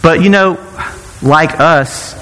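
A man preaching a sermon, joking and sarcastic, who jumps up in pitch when he acts out the people's cries. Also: slow, big-room sound, low-quality recording. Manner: animated, jumps high to act out quoted cries. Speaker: pastor.

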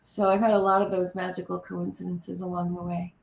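Woman, interview guest, animated storyteller, roomy echo. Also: lowish voice, a little fast, gravelly. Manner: lively anecdote teller, acts out quotes.

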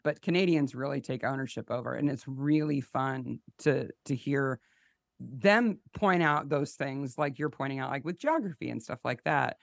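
A woman's voice: extremely low pitch, expressive, normal speed, vocal fry, no echo, clean studio sound. A woman guest on a podcast, chatting casually and with enthusiasm about a TV show. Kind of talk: casual chat.

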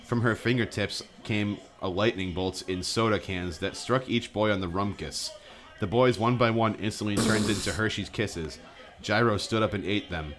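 Casting: male podcast co-host, low voice, loose and animated reader. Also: moderate pace, slight background noise. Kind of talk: casual comedic reading aloud.

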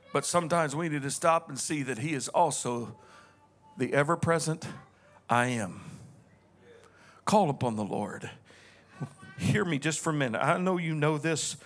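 Pastor, man, high bright voice, preaching with shouted peaks and hushed stretches. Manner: preaching, swings from loud shouting to quiet reflective talk. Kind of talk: sermon.

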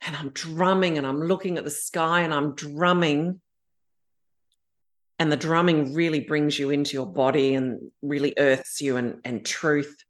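A woman's voice: deep voice, fairly even intonation, unhurried. A woman in her fifties with an Australian accent, telling her story candidly as a podcast guest and acting out her own inner voices. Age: 50s.

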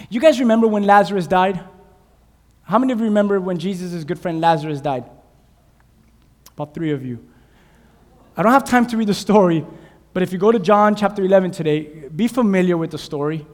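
A man preaching a sermon, animated, acting out shouted voices from Bible stories. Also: high-pitched. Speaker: pastor. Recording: long hall reverb.

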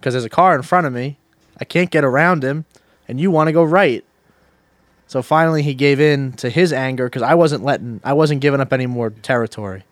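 A man telling stories in casual chat, animated and swearing casually. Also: mid-range voice, fairly quick, no echo.

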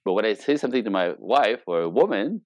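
Middle-aged man, low voice, very lively pitch, dry close sound, relationship coach, casual and playful. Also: fast, no echo, highs cut off. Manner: acts out quoted dialogue with playful exaggeration, swearing freely. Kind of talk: animated casual talk.

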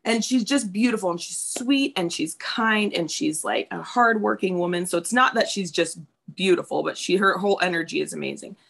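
Woman, 30s, gravelly fry, candid and profane in casual chat. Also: lowish voice, brisk, few pauses, fairly bright tone. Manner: candid, swearing freely, acts out quotes.

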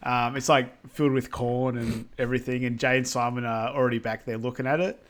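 A man with a middle-pitched voice walks through a film's scenes in relaxed podcast chat. He is easygoing and hesitant and fills his pauses with ums. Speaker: podcast co-host. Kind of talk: casual film recap chat.

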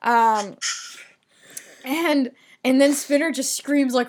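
A woman co-hosting a casual TV recap podcast, talking in an animated way with frequent swearing and filler words. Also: high voice, slow pace, pauses often. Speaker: podcast co-host.

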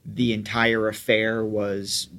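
A man's voice: on the low side, completely flat delivery, slow pace, fairly bright tone. Frank, reflective male podcast host. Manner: reflective, frank, occasional swearing. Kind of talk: conversational commentary.

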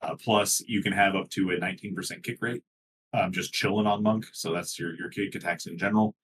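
Low-voiced man explaining game mechanics. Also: fairly even intonation, a little fast, fairly bright tone, breathy edge. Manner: explanatory, many ums and likes, laughs easily. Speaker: podcast co-host. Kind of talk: casual gaming podcast chat.

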